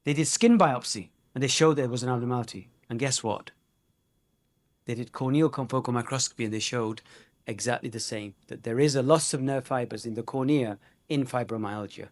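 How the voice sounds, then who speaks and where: A man's voice: mid-range voice, brisk. A man giving a conversational, joking medical conference lecture, with many fillers. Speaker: conference speaker.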